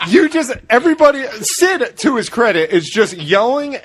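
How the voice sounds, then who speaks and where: Podcast host, man; high and lively, an animated, laughing storyteller. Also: normal speed, a little hiss or hum. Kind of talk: casual chat.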